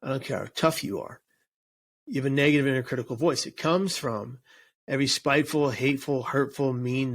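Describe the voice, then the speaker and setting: A man speaking as an interview guest and suicide prevention speaker, earnest and emphatic, often restarting and repeating words. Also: mid-range voice. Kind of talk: casual interview chat.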